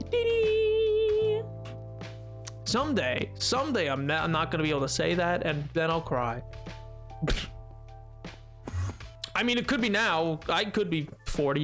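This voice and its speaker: A man's voice: fairly high pitch, bright, forceful tone. A man streaming a game live, reading chat and answering in a playful, jokey way.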